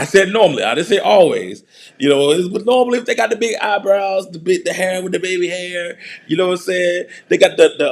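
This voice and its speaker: Gravelly, animated man joking around. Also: sits high. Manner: joking, laughing often, mocking put-on voices. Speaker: show host. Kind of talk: casual commentary monologue.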